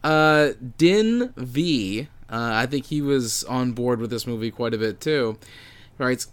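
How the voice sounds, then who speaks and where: A man's voice: medium pitch, expressive, slow, clear, resonant tone. A man co-hosting a casual podcast, making sarcastic remarks and reading reviews. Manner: dry, sarcastic. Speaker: podcast co-host.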